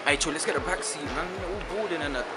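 A man's voice: fairly high pitch, fast, very noisy. A young man, narrating a casual vlog to viewers from the street and public transport. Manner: chatty, addresses viewers directly. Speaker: vlogger.

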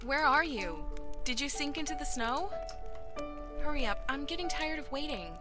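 A woman's voice: high voice, animated, normal speed, loud music behind the voice. A woman voicing an eerie, unhinged woman who stalks a house in a horror game, taunting and impatient.

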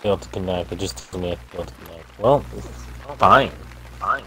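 A man's voice: sits low, fairly quick, bright, forceful tone, slight background noise, poor audio. A man playing along on a casual gaming stream, making dry, wry remarks. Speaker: stream co-player.

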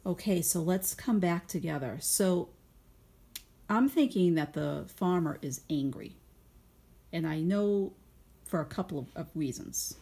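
A woman teacher speaks slowly and patiently as she reads a picture book to young children for a home video lesson. Her voice is low-pitched and breathy. She pauses often to ask gentle questions and talk through her answers.

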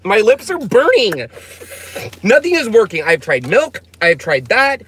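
A woman's voice: mid-range voice, huge pitch swings, measured pace, a bit bright, breathy edge. A woman hosting a casual vlog from a car, melodramatic and complaining about a burning mouth. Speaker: vlog host. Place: inside a car.

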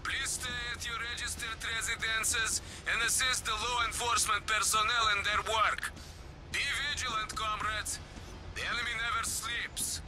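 An actor playing a male propaganda announcer in a video game, making a flat official announcement. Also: high-pitched, normal speed, faint music behind, rough recording.

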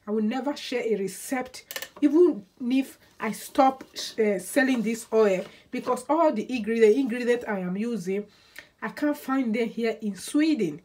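A woman's voice: fairly high pitch, moderate pace, dark tone. A woman from Nigeria, talking in a casual vlog monologue as a hair oil seller, emphatic and repetitive. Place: indoors, lives in Sweden.

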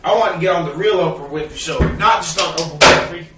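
A man ranting to the camera at home in a bitter, profane vlog, now and then bursting into shouts. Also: a little high, fast talker, reverberant, far from the mic, heavy background noise. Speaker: vlogger. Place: cluttered home, indoors.

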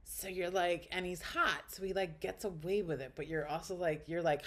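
A woman's voice: on the low side, fairly even intonation, moderate pace, a bit bright. A woman guest on a podcast, telling a story in casual chat, blunt and crude, acting out quotes with big jumps in her voice.

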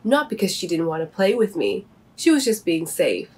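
A woman's voice: lowish voice, huge pitch swings, moderate pace, darkish tone, breathy edge, heavily acted. A woman voicing a young boy baboon who is sensitive and easily worried, in an earnest, childlike way in a children's storybook reading. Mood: relieved.

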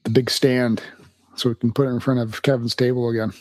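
A man's voice: medium pitch, flat delivery, brisk, darkish tone. A man co-hosting a podcast in casual chat, dry and jokey, often mock-complaining. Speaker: podcast co-host.

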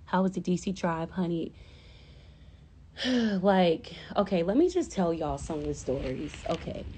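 A woman's voice: on the low side, dark tone, slight background noise. A woman chatting casually on a phone livestream, rambling and swearing freely and flaring into impassioned outbursts. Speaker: livestream host.

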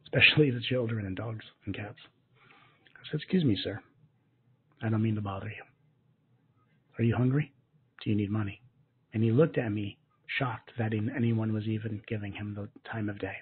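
A man leading a guided gratitude meditation as a spiritual teacher, speaking softly and slowly in a soothing way. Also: fairly low pitch, fairly even intonation, breathy edge. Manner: soft, slow and soothing, with gentle repetitions. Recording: muffled lo-fi narrow-band audio.

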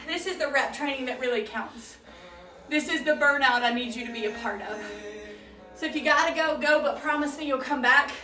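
A woman fitness instructor leading a live workout and a faith teaching, with energetic, encouraging coaching and earnest explanation. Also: sits high. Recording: echoey room, voice from a distance, faint music.

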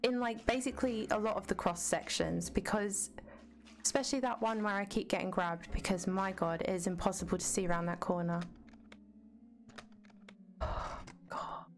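A woman's voice: mid-range voice, steady tone, normal speed, pauses often. Chatty swearing woman game streamer. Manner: chatty, swears freely, answers chat aloud. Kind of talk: casual live-stream chat while gaming.

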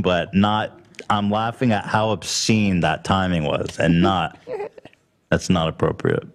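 A man's voice: low-pitched, fairly even intonation, a little slow. A male podcast host, cursing and laughing nonstop as he scolds someone in casual chat. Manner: laughing through mock scolding, profane.

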